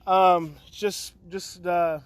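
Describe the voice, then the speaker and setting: High-pitched man, earnest, rambling parenting talk streamed by phone from outdoors. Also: flat delivery, very slow, clear, resonant tone, dry recording. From California. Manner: rambling, earnest, greets viewers by name. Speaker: parenting educator hosting a daily live stream. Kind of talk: casual live-stream talk. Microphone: phone on a live stream.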